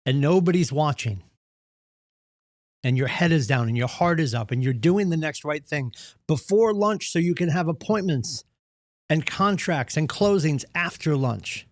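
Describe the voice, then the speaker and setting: A real estate team leader with a fairly high voice, recorded dry and studio-clean, gives his team's morning meeting an earnest, punchy motivational talk. Along the way he acts out the excuses people offer.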